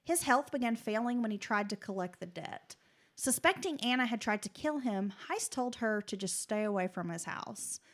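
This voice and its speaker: A woman's voice: a little high, lively intonation, normal speed. A woman co-hosting a true crime podcast, reading her script steadily and breaking into casual, chatty asides. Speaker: podcast co-host.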